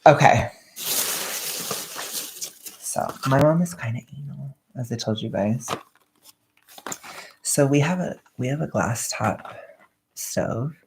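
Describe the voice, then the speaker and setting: Very low, gravelly-voiced woman vlogger. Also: slow pace, long pauses, a little mellow, slight background noise. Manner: rambling, self-mocking, joking. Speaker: vlogger livestreaming. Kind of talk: casual chat while wrapping gifts.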